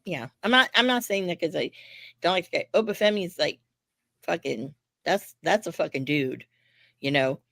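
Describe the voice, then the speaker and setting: A woman's voice: lowish voice, normal speed, vocal fry, dry recording. A woman co-hosting a wrestling podcast, talking bluntly and swearing freely in casual chat. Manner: blunt, profane, animated asides. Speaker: podcast co-host.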